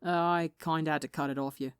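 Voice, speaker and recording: A woman's voice: deep voice, steady tone, fast talker, smooth, no echo, clean studio sound, lightly acted. Woman doing a grumbling reluctant young healer. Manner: grumbling, sheepish.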